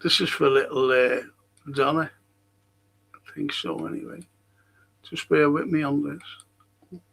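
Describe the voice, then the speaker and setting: Liverpool man, casual live-stream host, gravelly voice, fairly high pitch, chatting through comments. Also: expressive, a little slow, fairly bright tone. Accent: Liverpool (Scouse). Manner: chatty, reads viewer comments aloud and answers them.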